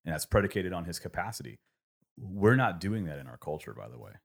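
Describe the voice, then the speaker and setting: Man, 30s, extremely low voice, reflective storyteller with lots of ums. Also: very animated, fast, gravelly, breathy edge. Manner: reflective, rambling storytelling with many fillers. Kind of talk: casual conversation.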